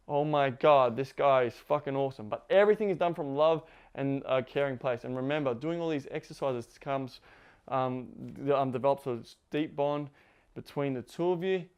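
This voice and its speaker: A man's voice: medium pitch, darkish tone, clear, resonant tone. A man giving casual spoken instruction as a coach, rambling with lots of "like" fillers. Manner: rambling, heavy use of "like" fillers. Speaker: intimacy coach.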